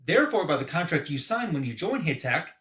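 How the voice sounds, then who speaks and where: A man voicing a smug, ruthless businessman villain, speaking slowly and condescendingly. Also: on the high side, very animated, fairly bright tone, echoey room. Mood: gloating.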